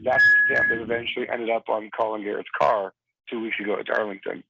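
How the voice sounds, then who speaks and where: Gravelly man on a tinny phone line. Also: fairly low pitch, fairly even intonation, quick pace, very noisy. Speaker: guest, Marine veteran. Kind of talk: phone-in interview. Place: cabin in Virginia.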